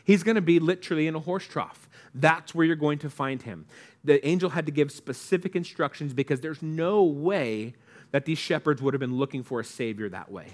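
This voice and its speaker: A man preaching a sermon in a relaxed, conversational way, asking the congregation questions and acting out quoted lines. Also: a little high, brisk. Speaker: pastor.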